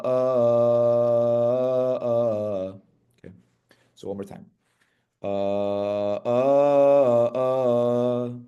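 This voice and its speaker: A man teaching a hymn chant step by step, singing short syllable phrases between quiet explanations and often checking in with "right?". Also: on the low side, husky, muffled recording. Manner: patient, checks in with "right?" and "okay?".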